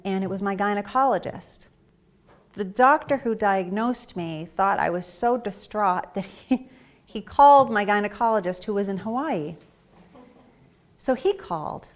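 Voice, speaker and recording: A woman in her forties tells her own story from the stage at a medium pitch. She talks in an animated way and acts out her own quoted reactions as she goes. Her delivery moves easily between plain narration and short dramatized lines. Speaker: speaker. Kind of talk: personal story talk. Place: stage talk.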